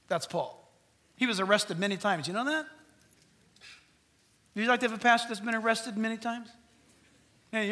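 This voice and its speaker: A middle-aged pastor with a high voice preaches a sermon animatedly, swinging between loud peaks and hushed asides.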